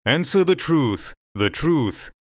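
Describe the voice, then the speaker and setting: A man's voice: a little high, very animated, slow, dry recording, full character voice. A man voicing a hysterical mother who scolds harshly. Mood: furious. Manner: shouting, scolding.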